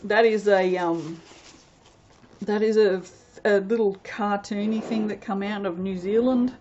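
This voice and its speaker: An Australian woman, host of a soap-making channel, chatting casually and rambling while she works, laughing often and breaking into sudden loud exclamations. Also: medium pitch, fairly even intonation, measured pace, dull audio, slight background noise. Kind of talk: casual chat while working.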